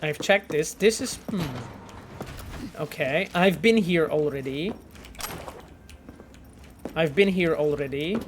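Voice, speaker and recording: Speaking slowly and pausing often, this fairly high-voiced man is a game developer streaming gameplay of a title he worked on. His livestream commentary is casual, with lots of fillers, cursing and thinking aloud to viewers. There's a little hiss or hum.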